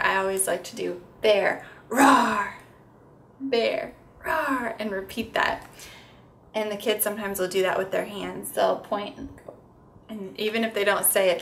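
A young woman speaking as a speech therapist, her pitch sitting in an ordinary middle range. She walks through a picture book step by step and slips into sing-song, exaggerated sounds meant for toddlers. A faint steady hiss sits under the recording. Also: moderate pace, gravelly. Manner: explains plainly, then breaks into sing-song, exaggerated toddler-directed sounds. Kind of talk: instructional demonstration.

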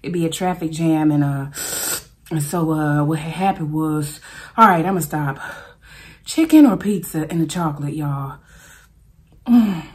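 A woman food vlogger talking casually to camera while eating, animated and exclaiming, chanting at a spinning wheel. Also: low-pitched, a little slow, pauses often.

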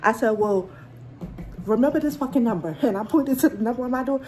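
A woman's voice: on the high side, animated, a little fast, warm tone, slight background noise, poor audio. A young woman vlogging from home, ranting profanely and acting out quoted dialogue as she retells a run-in at her door. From Philadelphia. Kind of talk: angry storytime rant. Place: at home indoors.

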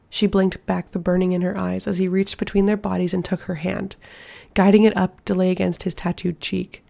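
A woman narrating a fantasy audiobook in a hushed, steady storytelling manner. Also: lowish voice, brisk, vocal fry. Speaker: audiobook reader.

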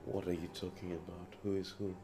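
An actor with a Nigerian accent playing a young man calling off his wedding, calm, apologetic and evasive in a film drama. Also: sits low, fairly quick, faint music behind, close to an everyday voice. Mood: defensive.

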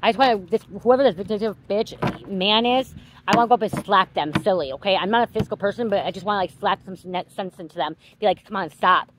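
A woman's voice: mid-range voice, quick pace, background noise. A woman giving a psychic reading straight to her viewers, emphatic and repetitive, swearing freely and getting worked up as she goes. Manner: gets worked up and heated. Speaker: psychic card reader.

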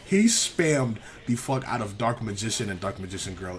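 Animated young man commentating a game. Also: medium pitch, fast, hardly any pauses. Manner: animated, exasperated, heavy slang, frequent repeats. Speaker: gaming commentator. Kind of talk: casual gameplay commentary.

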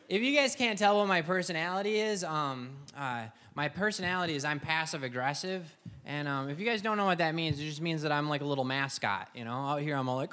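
A man's voice: fairly high pitch, pushed and bright. A man performing a stand-up comedy set, playful and sarcastic, slipping into voices for his bits. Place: comedy club stage. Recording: live stage mic, crowd laughter and room noise.

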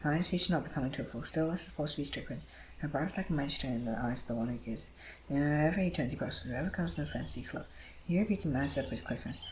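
A man reading scripture aloud, moving quickly and often stumbling over words and starting lines again. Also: fairly high pitch, a little hiss or hum, rough recording. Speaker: Bible reader.

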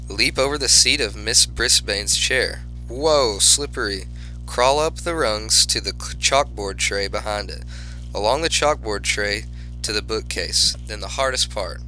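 A man reads a children's storybook aloud, telling it in the first person as the class hamster. His voice sits fairly low but sounds sharp and bright, with animated exclamations. Faint music plays underneath. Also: low-quality recording. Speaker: audiobook narrator.

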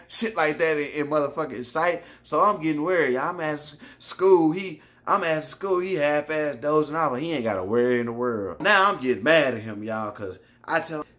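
A man telling a personal story in a casual vlog, animated and profane, often turning to address his listeners directly. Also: medium pitch.

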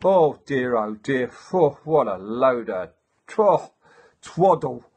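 A man voicing a fussy, exasperated male schoolteacher in a comedy sketch, bossy, with slow deliberate speech and sudden shouts. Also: mid-range voice, sing-song, breathy edge, heavily acted. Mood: flustered.

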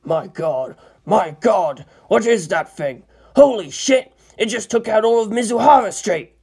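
A man's voice: high-pitched, measured pace, vocal fry, breathy edge, voice pushed up, exaggerated voice. A man voicing a middle-aged bystander filming a monster attack, blurting and swearing. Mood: frantic. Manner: excited breathless swearing. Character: middle-aged man filming a disaster, frantic then resigned.

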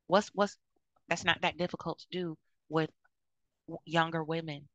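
A woman's voice: low voice, fairly even intonation, normal speed, pauses often, dry recording. A woman in her fifties giving blunt, outspoken advice to other women, often checking in with "okay?". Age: 50s. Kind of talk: frank advice monologue.

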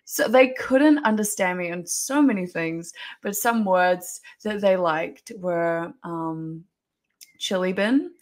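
A woman's voice: fairly low pitch, takes it slowly. A woman from New Zealand with a Kiwi accent, chatting as a podcast guest, laughing often and trailing off into fillers. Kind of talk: casual chat.

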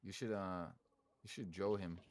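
A man's voice: deep voice, steady tone, normal speed, a little mellow. A man streaming a shooter game who teases a stranger in a mock-offended way and swears freely. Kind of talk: joking game chat with a stranger.

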